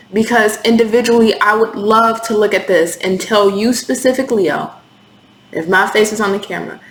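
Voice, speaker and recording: A woman's voice: a little high, fairly bright tone. A woman giving a candid, intense tarot reading to camera, swearing freely as she talks. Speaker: tarot reader. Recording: echoey room with faint hiss.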